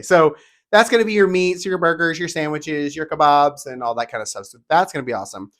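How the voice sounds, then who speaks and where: A man talking casually and enthusiastically as a theme park vlogger, partly reading descriptions aloud in a rapid-fire, chatty way. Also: fairly high pitch, fairly bright tone.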